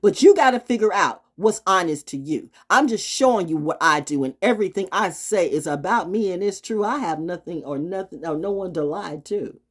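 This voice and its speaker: A husky woman with a low voice delivers a blunt, profane vlog rant. Her pitch swings widely between low asides and high, forceful bursts. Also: animated, moderate pace, few pauses. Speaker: astrology vlogger. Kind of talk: unscripted monologue. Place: outdoors. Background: birds.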